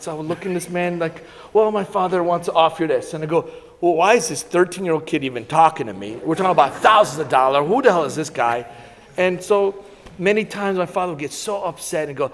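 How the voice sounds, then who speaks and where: A middle-aged man born in Italy, giving a lunchtime talk and telling animated anecdotes with laughter. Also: high-pitched, fairly quick. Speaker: guest speaker. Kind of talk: storytelling talk to an audience. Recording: long reverb in a hall.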